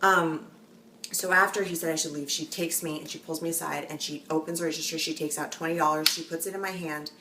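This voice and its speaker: A woman's voice: low-pitched, fairly even intonation, a little fast, sharp tone, slight background noise. A young woman vlogger telling a story in a rambling way, full of restarts and fillers. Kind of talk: casual storytelling. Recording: roomy echo, a bit far from the mic.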